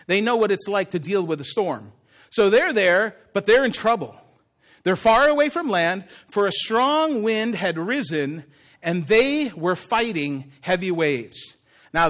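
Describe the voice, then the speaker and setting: A man's voice: high voice, a bit bright. A male pastor preaching a sermon, telling the story with humor and acted-out voices.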